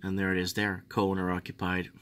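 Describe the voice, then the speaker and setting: A man from Australia reading finance news aloud and ranting about it, sarcastic, swinging from low muttering to mocking high outbursts. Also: completely flat delivery, brisk, fairly bright tone, smooth. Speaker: finance commentator.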